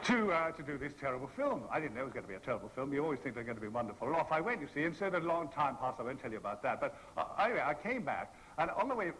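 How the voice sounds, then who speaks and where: A man's voice: mid-range voice, a bit bright, slight background noise, poor audio. A man telling a droll anecdote as a guest on a convention panel, with a theatrical raconteur's delivery. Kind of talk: anecdotal storytelling to a live audience. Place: convention panel before an audience.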